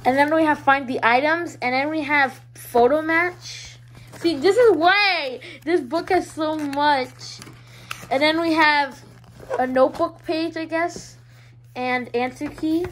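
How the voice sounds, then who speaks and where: A woman's voice: high-pitched, takes it slowly, a little hiss or hum, rough recording. A female vlogger showing her toy collection in a hyper, giggly, rambling way. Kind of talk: casual show-and-tell vlog.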